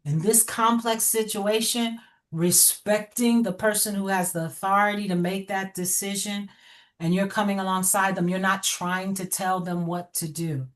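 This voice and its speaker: A middle-aged woman educator giving feedback over a video call. She talks directly and encouragingly, often breaking into a laugh. Her voice sits at an ordinary pitch for a woman. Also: steady tone, moderate pace. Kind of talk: online class feedback.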